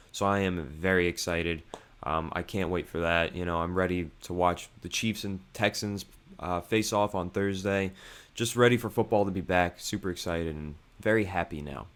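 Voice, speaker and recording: Very deep-voiced podcast co-host. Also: male voice, moderate pace. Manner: eager, opinionated, steady explaining. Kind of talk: casual sports podcast chat.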